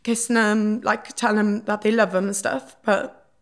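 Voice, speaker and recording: Young Welsh woman, reality-TV guest, gravelly voice, raw and emotional, lots of "like". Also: medium pitch, flat delivery, normal speed. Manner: emotional, swears freely, many fillers. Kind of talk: candid podcast interview.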